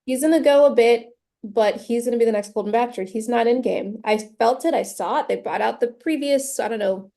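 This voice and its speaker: Mellow, teasing woman co-host. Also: a little high, fairly quick, hardly any pauses. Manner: relaxed, teasing. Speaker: podcast co-host. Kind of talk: casual recap chat.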